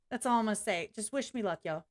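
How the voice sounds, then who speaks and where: A woman's voice: on the high side, lively intonation, fairly quick, a little mellow. A woman vlogging in a casual, rambling way, apologizing often and swearing now and then. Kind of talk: casual reaction vlog chat.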